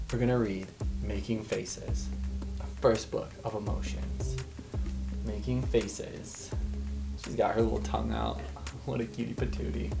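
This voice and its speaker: Woman reading kids' picture books, low voice that swings all over, super playful, gets you to join in. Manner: playful and encouraging, invites listeners to join in. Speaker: children's storybook host.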